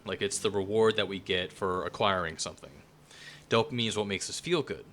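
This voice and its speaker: A man's voice: sits low, a little fast, fairly bright tone. Man giving a loose, chatty lecture. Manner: loose and conversational, many fillers and restarts. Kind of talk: casual spoken lecture.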